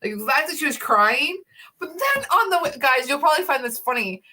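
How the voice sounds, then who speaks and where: A young woman co-hosting a casual livestream chat tells a story breathlessly, laughing nervously and saying "like" a lot. Her voice is high-pitched, very animated, fairly quick, pushed and bright.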